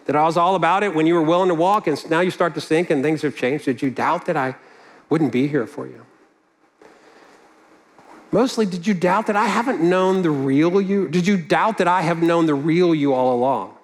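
A man voicing a gentle, compassionate male teacher who asks a friend tender, searching questions. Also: a little high, moderate pace, in a large hall, close to an everyday voice.

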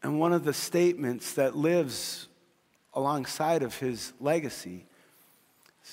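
A middle-aged man preaching a sermon as a pastor, telling a family story with animated energy before dropping to a quiet, earnest plea. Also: fairly high pitch. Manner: storytelling, shifting from quick excited retelling to quiet earnest pleading. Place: large church hall. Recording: long reverb of a church hall.

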